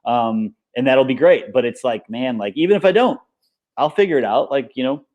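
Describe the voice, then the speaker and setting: A man being interviewed in a relaxed chat, talking in an upbeat, rambling way, full of fillers. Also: medium pitch, moderate pace, lo-fi sound. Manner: rambling and upbeat, many fillers like "like" and "you know". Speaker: interview guest, paintball coach and business owner.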